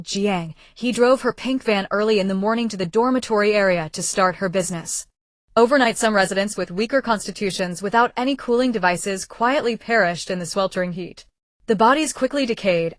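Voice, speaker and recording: A woman reads a web-novel audiobook at a steady, even pace. Her voice sits in a middle pitch and is recorded close, dry and without room echo. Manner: even, steady reading of a translated web novel, with slips in pronouns. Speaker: narrator. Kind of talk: scripted audiobook narration.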